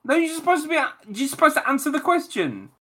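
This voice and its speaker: A man's voice: very high-pitched, wildly swooping pitch, fast talker, bright, forceful tone, no echo. A man hosting a comedy podcast, with dry, wry banter. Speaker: podcast host. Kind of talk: casual improv banter.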